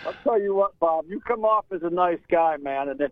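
A man's voice: high-pitched, moderate pace, no echo. A man calling in to a radio show, friendly and laid-back, tossing in words like man and brother. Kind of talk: casual call-in chat. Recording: phone line into a radio show.

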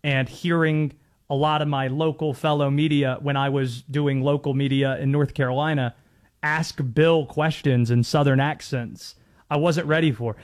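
A man's voice: a little high, steady tone, normal speed. A man in his thirties hosting sports talk radio in a chatty, amused way with rambling asides.

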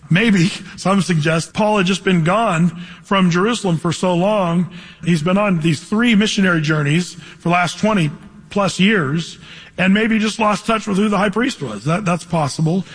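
High-voiced husky male pastor. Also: big-room sound. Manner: conversational, reads scripture aloud and asks the congregation questions. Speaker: pastor teaching a Bible study. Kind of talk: verse-by-verse sermon.

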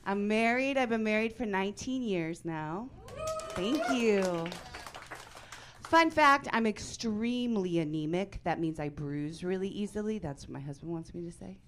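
A woman in her forties performing a stand-up comedy set on stage, deadpan with sudden loud outbursts. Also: mid-range voice, a little slow, background noise. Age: 40s. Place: stage before a live audience.

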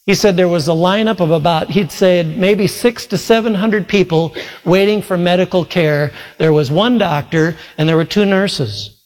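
A man's voice: high voice, moderate pace. Earnest male preacher in a reverberant hall. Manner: earnest storytelling with quoted retellings and sudden loud shouts. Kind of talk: sermon storytelling.

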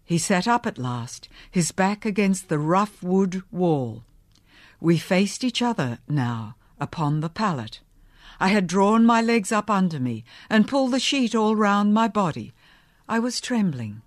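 A woman giving an expressive, dramatic reading as she narrates a novel in the first person. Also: mid-range voice, measured pace, no room sound, clean studio sound. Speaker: audiobook narrator.

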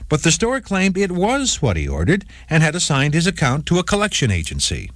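A man hosts a short radio segment on the law, narrating a court case from a script and lightly voicing the people he quotes. His voice is a little high and brisk, with huge swings in pitch. The audio is studio quality with no room sound.

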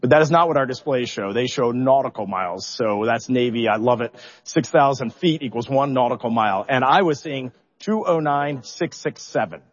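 Middle-aged male commander, animated storyteller, long hall reverb, dull lo-fi sound. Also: medium pitch, normal speed, hardly any pauses. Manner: animated, self-deprecating, builds suspense. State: emotional, holding back tears. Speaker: mission commander. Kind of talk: press conference storytelling.

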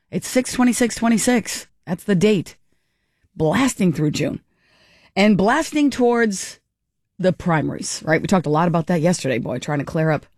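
A woman hosts morning talk radio in a chatty, animated way, slipping into little acted-out exchanges. Her voice sits low for a woman. The studio sound is dry and close. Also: no room sound. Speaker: radio talk show host. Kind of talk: casual talk radio commentary. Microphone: studio microphone.

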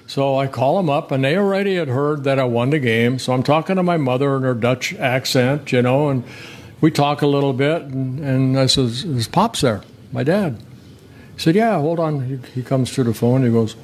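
Older man, ex-pitcher guest, rambling storyteller with chuckles, slight background hiss. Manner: rambling, self-correcting, chuckling anecdotes. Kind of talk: casual interview storytelling.

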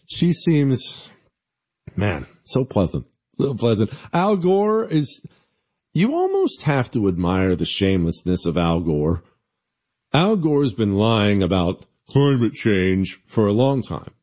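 Male talk radio host, mocking and sarcastic, lively swinging delivery, slightly dull lo-fi sound. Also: lowish voice, takes it slowly. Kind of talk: opinionated talk radio monologue.

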